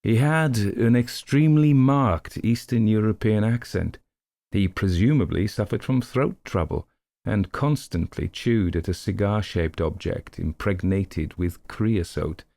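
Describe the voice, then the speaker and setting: Male audiobook narrator, very low and gravelly, measured read of a detective story. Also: dark tone.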